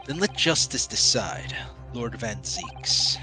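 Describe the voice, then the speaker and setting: A man's voice: medium pitch, sing-song, takes it slowly, over music. A man voicing a stern, formal court official in a fan game dub.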